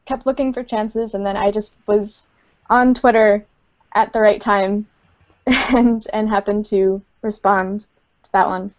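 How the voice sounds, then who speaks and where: A woman who works as a community manager at a game studio chats casually in an interview over a computer microphone. Her medium-pitched voice is steady and measured, though the recording is muffled, and she uses lots of fillers and laughs often.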